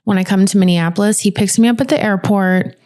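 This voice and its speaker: Female podcast co-host, mid-pitched, lively and talkative, casual chat. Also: fast. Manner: lively, talkative, explains at length.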